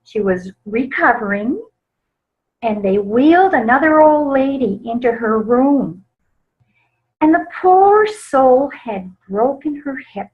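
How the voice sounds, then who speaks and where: A woman presenting a webinar on grief in a gentle, soft-spoken way with small laughs. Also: high-pitched, animated, slow pace. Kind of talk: teaching webinar talk. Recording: slightly dull lo-fi webinar audio.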